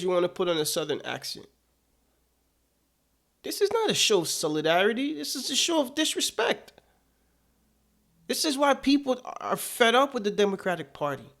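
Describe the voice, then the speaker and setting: A man with a notably high voice delivers political commentary. He talks in an emphatic, indignant way and hammers his points home by repeating them. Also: animated, fairly quick, fairly bright tone.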